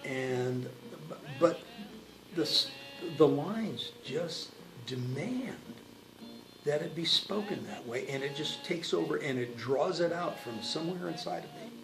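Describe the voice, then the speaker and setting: Slow-spoken actor in a roomy space. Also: male voice, fairly high pitch, animated, vocal fry, noisy background. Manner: thoughtful, with frequent hesitations. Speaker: stage actor. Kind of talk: promotional interview.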